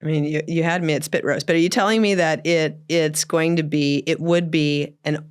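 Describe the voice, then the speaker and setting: A woman hosting a podcast interview, relaxed, steering the questions and laughing along. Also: deep voice, normal speed, clean tone. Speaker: podcast host. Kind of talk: casual interview chat.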